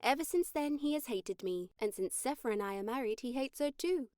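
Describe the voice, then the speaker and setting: A woman's voice: fairly high pitch, lively intonation, a little fast, a little mellow, no echo, lightly acted. A woman voicing a wry female mage who is fond of pranks, in dry, amused audiobook dialogue.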